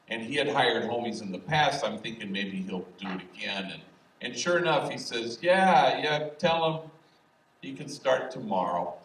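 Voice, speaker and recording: An older priest in his sixties tells stories with dry humor, at an unhurried pace. His fairly low voice echoes through a roomy hall, caught by a distant mic with a faint hiss underneath. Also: a bit bright. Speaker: priest and speaker. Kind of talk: public talk with storytelling. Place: university event hall.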